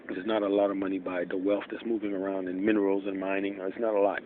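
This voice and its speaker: A man talking in a deliberately muted, hushed way in a rambling monologue, thinking aloud and stalling with fillers. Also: sits low, level tone. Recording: tinny phone-like lo-fi audio with faint hiss.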